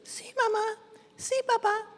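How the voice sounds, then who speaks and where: Woman as frightened storybook mouse kids, squeaky and high-pitched. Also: level tone, measured pace, fairly bright tone, big-room sound. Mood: obedient. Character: timid little mouse children.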